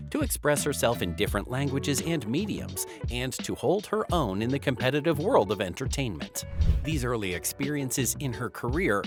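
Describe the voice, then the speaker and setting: Lively, dramatic male documentary narrator. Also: medium pitch. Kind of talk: scripted biography narration. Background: background music.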